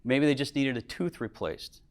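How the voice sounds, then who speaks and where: Before an audience in a lecture hall, a middle-aged Minnesotan business owner shares earnest motivational stories, expressive and at normal speed. His voice falls low and quiet during emotional moments.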